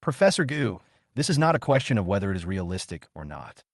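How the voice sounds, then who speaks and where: Scornful male teacher, read by a man, low voice with lively swings, dry sound. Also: fast talker, no room sound. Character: dismissive male teacher who looks down on a student.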